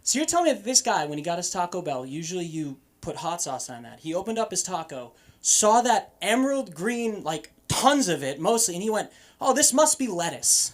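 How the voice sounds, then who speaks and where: A young man from Boston working an open-mic stand-up set on a comedy club stage. His delivery is animated and profane, jumping between loud punchlines and quiet throwaway asides. His intonation rises and falls widely as he goes. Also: high voice, fairly quick, hardly any pauses.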